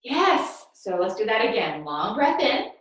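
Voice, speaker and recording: A woman's voice: mid-range voice, sing-song, measured pace, fairly bright tone. A young woman leading a children's yoga lesson with upbeat, encouraging, sing-song prompts, recorded at home by a camera at a distance. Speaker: kids yoga teacher. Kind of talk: guiding a children's movement lesson. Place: room at home. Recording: echoey room, voice off-mic.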